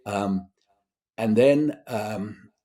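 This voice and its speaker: Mellow-voiced older man telling stories. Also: fairly low pitch, drawn-out words. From Britain. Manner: rambling, with many fillers and restarts. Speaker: guest screenwriter. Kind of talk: casual storytelling interview.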